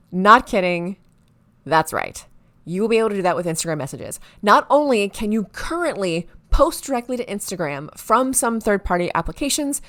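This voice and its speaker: Excitable woman explaining marketing tips. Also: mid-range voice. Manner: excitable, stumbles over words when excited. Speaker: marketing video host. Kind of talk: enthusiastic to-camera explainer.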